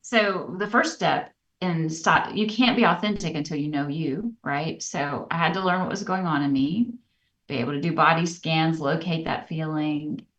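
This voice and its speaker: A woman co-hosting a podcast, telling personal stories in an earnest, reflective way that turns animated. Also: deep voice, normal speed. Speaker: podcast co-host. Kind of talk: candid personal storytelling. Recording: dull, slightly distant podcast audio.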